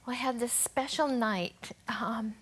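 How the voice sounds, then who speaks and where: A woman's voice: a little high, a little slow, fairly bright tone, husky. A woman telling her personal testimony as a guest, earnest and often dropping to a near whisper.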